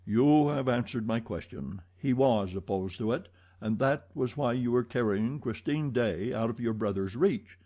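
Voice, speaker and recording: A man's voice: medium pitch, normal speed, few pauses, warm tone, natural voice. A man voicing a self-satisfied police official in an audiobook, lecturing in a pompous tone. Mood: brisk.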